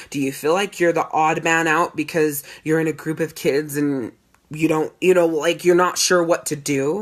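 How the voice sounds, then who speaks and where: A woman in her thirties, a coach talking in a casual monologue, blunt and emphatic, with lots of swearing and animated storytelling. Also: deep voice. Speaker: life and sales coach.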